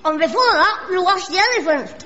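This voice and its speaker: A cheeky, mischievous schoolboy who answers back quickly in a very high, boyish voice. It is a muffled old radio recording with a long, hollow reverb and a steady hiss. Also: male voice, heavily acted. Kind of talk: 1960s radio sitcom acting.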